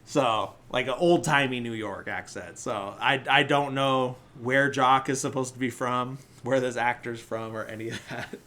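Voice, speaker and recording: A man's voice: mid-range voice, fairly even intonation, normal speed, hardly any pauses, pushed and bright. Rambling man recapping a film. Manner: rambling, many filler likes. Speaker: podcast host.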